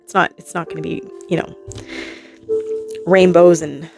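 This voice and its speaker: A woman giving a casual, rambling tarot reading to her viewers, acting out imagined reactions in quick quotes. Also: fairly low pitch, gravelly, over music. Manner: rambling, animated, full of hypothetical quotes. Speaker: tarot reader.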